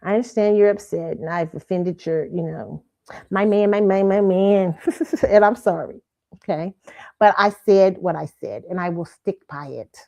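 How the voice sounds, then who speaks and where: A woman's voice: lowish voice, normal speed, vocal fry, mellow, muffled recording. Blunt, profane woman hosting a chat stream. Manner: blunt and profane, laughs often, keeps asking "okay?". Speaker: show host. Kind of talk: casual pop-culture commentary stream. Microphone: streaming setup mic.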